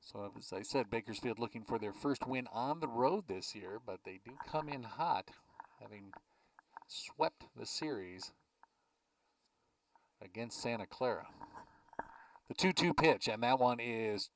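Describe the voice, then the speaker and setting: A man calls a baseball game pitch by pitch in an easygoing, chatty way, filling the gaps between pitches with schedule notes and small remarks. His voice sits at an ordinary middle pitch for a man. The mic picks him up from a little way off. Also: expressive, unhurried, long pauses, far from the mic, slight background noise, poor audio. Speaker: play-by-play announcer. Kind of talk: baseball play-by-play commentary.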